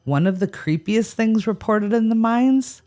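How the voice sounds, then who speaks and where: A woman's voice: on the high side, lively intonation, measured pace, warm tone. A woman co-hosting a paranormal podcast, reacting with wry, sarcastic humor. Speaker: podcast co-host. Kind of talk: scripted paranormal podcast chat.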